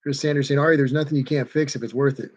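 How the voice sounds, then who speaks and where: A man's voice: medium pitch, steady tone, fast, a little mellow. A man hosts a casual livestream, reading viewer comments aloud. His delivery is laid-back and conversational, with easy replies between the comments. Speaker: livestream host reading chat. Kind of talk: casual chat.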